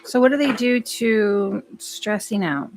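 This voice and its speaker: A woman's voice: medium pitch, animated, takes it slowly, background noise. A woman giving a live tarot reading in a casual, blunt way, swearing often and talking back to the cards. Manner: blunt, profane, talks to the cards and to herself. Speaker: tarot card reader.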